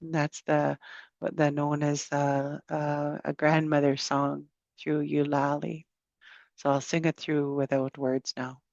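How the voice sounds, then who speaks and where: Soft-spoken woman talking real slow, pausing a lot, kinda muffled dry sound. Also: sits low, little pitch movement, vocal fry, no echo. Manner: soft-spoken and unhurried, with many pauses. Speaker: podcast guest, survivor advocate. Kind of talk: casual conversation.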